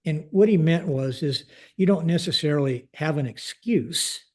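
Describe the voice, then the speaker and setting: Older American man, retired general; conversational storyteller who voices each quote, slightly higher-pitched. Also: normal speed. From United States. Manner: conversational, acts out dialogue in quotes, frequent fillers. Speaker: guest, retired Air Force general. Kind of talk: storytelling in a podcast interview.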